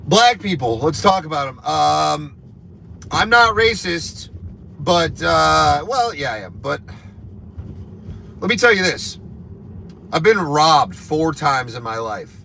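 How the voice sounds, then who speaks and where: A man with a bright, forceful, slightly high voice rants crudely and rambles on a live stream while he drives. Faint car noise hums under his talk, recorded inside the vehicle. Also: gravelly. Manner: crude, rambling, deliberately offensive. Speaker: comedian. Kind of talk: provocative live stream rant while driving.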